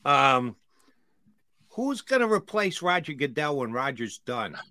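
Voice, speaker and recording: A man with a very bright, cutting voice throws energetic, provocative questions at his guests. The recording is dry and close, with no room sound. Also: mid-range voice, a little slow, no echo. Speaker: podcast co-host. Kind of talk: casual sports podcast chat.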